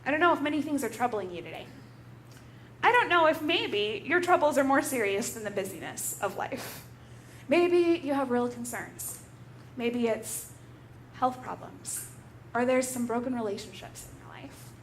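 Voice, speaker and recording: A woman's voice: a little high, lively intonation, normal speed, fairly bright tone, slight background noise. A woman pastor giving a conversational sermon in a church, telling a story in a relatable way.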